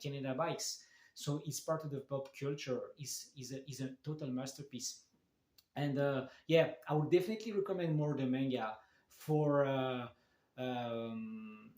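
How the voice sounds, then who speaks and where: In this casual video review, a man who reviews manga speaks at a medium pitch with a touch of mellowness. The room echoes, and his excitement comes out in stops, restarts, and plenty of fillers.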